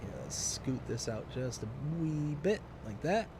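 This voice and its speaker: A young adult man chatting casually on a live game stream, rambling in a relaxed, fond way with lots of fillers. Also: medium pitch, measured pace, noisy background. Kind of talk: casual live-stream chat while playing.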